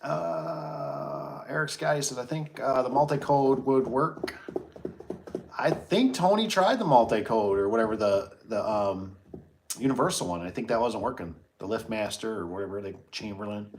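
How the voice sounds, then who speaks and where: A man's voice: fairly low pitch, animated, moderate pace, slight background noise. A middle-aged man hosting a casual livestream, telling a story and reading chat comments, acting out his own reactions.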